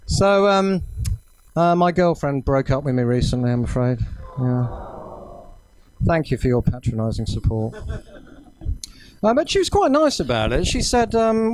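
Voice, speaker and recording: A man's voice: a little high, very animated, normal speed, a little mellow, slight background noise. A man doing a self-deprecating stand-up set, full of ums. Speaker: stand-up comedian. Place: small cafe venue, indoors.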